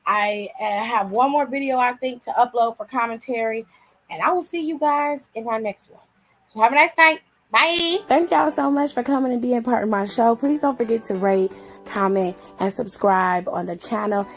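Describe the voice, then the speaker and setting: A woman's voice: on the high side, moderate pace, rough recording. A woman hosting a wrestling channel, chatting casually and slangily with viewers on a live stream while tired and yawning.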